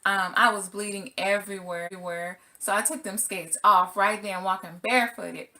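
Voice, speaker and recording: A woman's voice: mid-range voice, steady tone, moderate pace, pushed and bright. A middle-aged woman vlogging as a single mother, telling a personal story casually and acting out her own exclamations.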